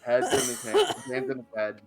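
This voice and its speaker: A man's voice: medium pitch, wildly swooping pitch, loud music behind the voice. Laughing man playing a tabletop character. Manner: laughs often, speaks in-character lines slowly and pleadingly. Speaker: player. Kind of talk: tabletop role-play, voicing his character.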